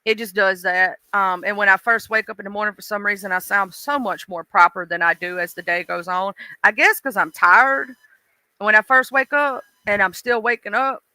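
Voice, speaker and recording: A woman's voice: mid-range voice, moderate pace, pushed and bright, clean tone, no echo. A woman with a mixed Southern accent, chatting casually on a live stream and talking straight to her viewers in a folksy way.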